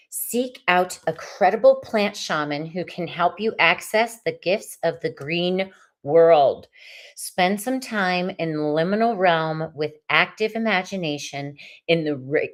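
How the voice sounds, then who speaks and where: A woman hosting a live tarot reading stream, chatting casually and effusively with viewers as she pulls cards. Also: on the low side.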